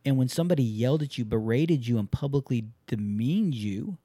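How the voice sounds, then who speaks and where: A young adult man hosting a casual chat, telling stories in a blunt, profane, animated way. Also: medium pitch, brisk, no echo, clean studio sound.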